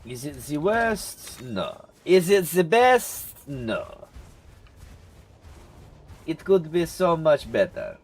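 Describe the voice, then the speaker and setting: A man's voice: a little high, big pitch swings, drawn-out words, long pauses, pitched above the performer's own voice, heavily acted. A man putting on a mock French accent. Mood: mock-judging.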